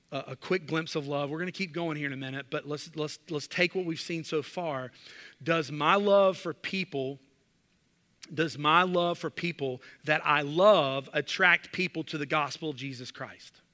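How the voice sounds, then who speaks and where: A man's voice: a little high, normal speed, sharp tone. A male pastor preaching a sermon, emphatic and full of rhetorical questions, in a church sanctuary. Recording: long reverb of a large hall.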